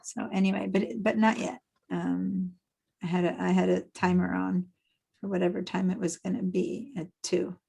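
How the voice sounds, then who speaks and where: Brief: middle-aged woman from Argentina, design teacher on a video call, some vocal fry, chatty and explanatory. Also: on the low side, little pitch movement, normal speed, dark tone, low-quality recording. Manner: chatty, explains step by step with many fillers. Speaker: design instructor. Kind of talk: online class teaching. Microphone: computer mic on a video call.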